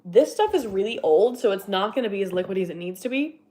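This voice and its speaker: A young woman in casual livestream chat, talking in loose, rambling sentences full of fillers and easy laughs. Her voice sits at an ordinary middle pitch and has a slightly breathless edge, as if she has been talking a lot. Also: lively intonation, fast talker, warm tone, slight background noise. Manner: chatty, rambling, laughs often, many fillers. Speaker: livestreamer and horn player.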